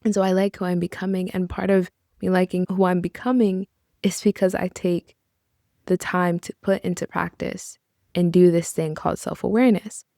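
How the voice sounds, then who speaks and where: A woman's voice: on the low side, level tone, moderate pace, gravelly, mellow, dry recording, studio quality. A young woman hosting a podcast, speaking in an earnest, encouraging way with casual asides. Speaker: podcast host. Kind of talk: reflective podcast monologue.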